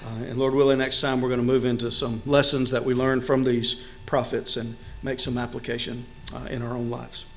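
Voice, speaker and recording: A man's voice: medium pitch, flat delivery, brisk, hardly any pauses, a little hiss or hum, low-quality recording. A man preaching a sermon earnestly, stressing key words and building emphasis, with occasional fillers and restarts. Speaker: pastor.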